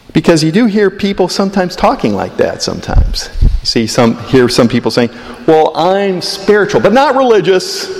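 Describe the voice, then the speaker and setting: A man's voice: on the high side, a little mellow. A man in his fifties giving a conversational sermon as a priest, rising with emphasis on key phrases. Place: church. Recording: long church reverb.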